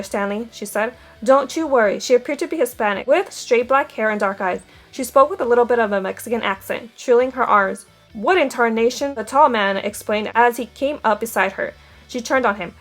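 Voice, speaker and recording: With faint music in the background, a woman narrates a novel at a brisk clip in a slightly high voice. She keeps the storytelling even and gives the dialogue gentle character voices, as an audiobook reader would.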